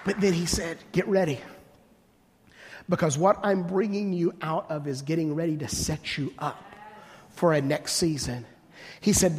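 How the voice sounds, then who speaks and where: A man pastor preaching a sermon, building to shouted emphasis at times. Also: on the high side, moderate pace. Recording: long reverb of a large hall.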